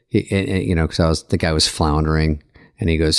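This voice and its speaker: Middle-aged male co-host, lowish pitch, dry sardonic storyteller. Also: animated, no echo. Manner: dry, sardonic storytelling with quick comic asides. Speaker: podcast co-host. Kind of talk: casual chat.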